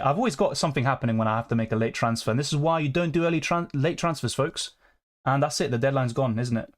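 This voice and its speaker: A young man chatting casually on a live stream, answering viewer questions in a relaxed, conversational way. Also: mid-range voice, fast. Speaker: fantasy football streamer.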